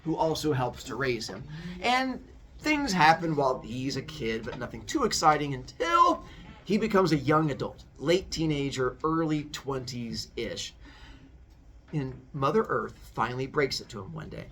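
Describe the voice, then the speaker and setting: A man hosting a podcast, telling a myth as an animated, jokey comic story. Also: mid-range voice, normal speed, distant mic, slight background noise. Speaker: podcast host.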